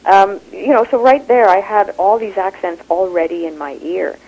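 A Kenyan-born woman with a Canadian accent, an actor and improv teacher talking in an animated, expressive way in an interview. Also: mid-range voice, moderate pace, low-quality recording. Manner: animated, expressive, laughs easily. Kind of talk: interview conversation.

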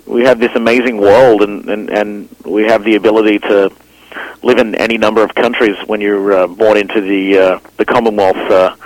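A man's voice: lowish voice, dry recording, poor audio. A man from Australia in his thirties with a mixed Australian and Canadian accent, a radio broadcaster chatting as a guest in a studio, rambling and full of fillers. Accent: Australian with some Canadian. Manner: rambling, restarts phrases, many fillers. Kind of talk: casual interview chat.

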